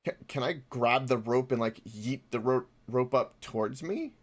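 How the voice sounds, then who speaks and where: A young man playing a tabletop game, asking halting questions in casual chat. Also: medium pitch. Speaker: player.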